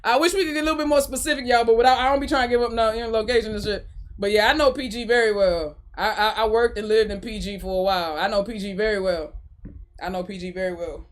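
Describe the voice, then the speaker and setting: A woman's voice: a little high, fast. A young adult woman hosting a podcast, chatting casually with her live chat, laughing often and repeating herself. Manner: animated, laughing often, swearing, repeating phrases.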